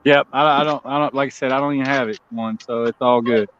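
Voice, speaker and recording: A man's voice: medium pitch, fairly even intonation, fast, fairly bright tone, slight background noise. Laid-back man on a dull stream. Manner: laid-back, laughs often, chats with viewers. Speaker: livestream coin auction co-host. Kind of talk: casual chat. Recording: slightly dull lo-fi stream audio.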